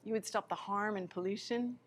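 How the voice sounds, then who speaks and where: An impassioned woman delivers a live spiritual lecture, her voice dropping low and soft and then rising loud. Her pitch sits in a middle range for a woman. A faint low rumble runs beneath the recording. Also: fairly even intonation, a little fast.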